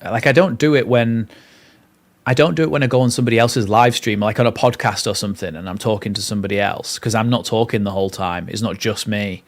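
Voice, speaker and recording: A man's voice: fairly low pitch, fairly even intonation, quick pace. A young man hosting a live watchalong, mixing play-by-play with chatty, rambling asides. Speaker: fan channel host.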